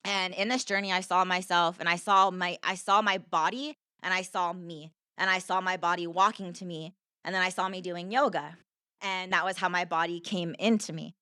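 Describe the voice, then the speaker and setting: Young woman guest, slightly low voice, dry close sound, earnest storytelling with lots of fillers. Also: fairly even intonation, moderate pace, pushed and bright, clean tone, dry recording. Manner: earnest, repeats herself, many "like" fillers. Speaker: podcast guest. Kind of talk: conversational storytelling.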